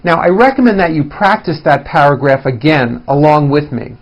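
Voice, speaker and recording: A man teaching pronunciation in a scripted lesson, deliberately exaggerating the rises and falls of his voice to demonstrate. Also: a little high, expressive, low-quality recording. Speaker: English teacher.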